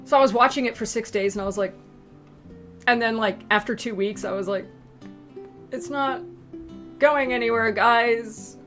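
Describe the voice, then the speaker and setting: Woman streamer, chatty storyteller, quoted voices jump high and low, faint music behind. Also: brisk. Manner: animated, acts out quoted friends in higher and lower voices. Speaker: webcomic creator hosting a Q and A stream. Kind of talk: casual storytelling on a livestream.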